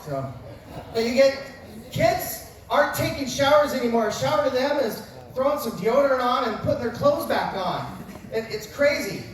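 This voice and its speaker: A man's voice: very high-pitched, lively intonation, moderate pace. A man in his fifties, a wrestling coach, telling funny self-mocking stories in an after-dinner speech. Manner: joking storyteller with self-mocking asides. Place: large banquet hall at a dinner event. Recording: very echoey hall recorded from far off, faint noise.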